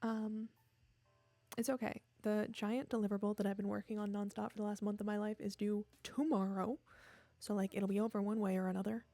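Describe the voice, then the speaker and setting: A woman's voice: mid-range voice, level tone, a little fast, mellow, no room sound, faint music behind. A tired young woman streaming from home, chatting casually into a desk mic in a rambling, self-deprecating way. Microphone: desk microphone.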